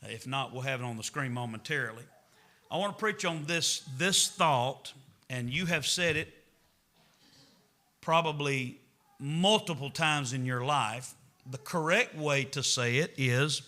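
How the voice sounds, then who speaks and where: A man's voice: mid-range voice, unhurried, sharp tone. A middle-aged man, a pastor preaching a Wednesday night sermon in a church, folksy and conversational, rising to emphatic preaching. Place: church sanctuary.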